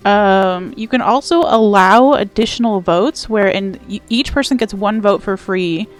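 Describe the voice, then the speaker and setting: A young woman streaming a game, chatting playfully with her viewers and reading their messages. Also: medium pitch. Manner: chatty and playful, reads and answers chat. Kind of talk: casual live-stream chat while gaming.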